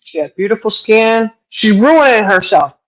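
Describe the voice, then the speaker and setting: A woman chatting casually on a talk stream, spinning a story with frequent laughter. She jumps her pitch up when she quotes other people and drops in folksy sayings. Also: animated, measured pace, low-quality recording. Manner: mimics others with raised pitch. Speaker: podcast co-host. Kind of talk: casual chat.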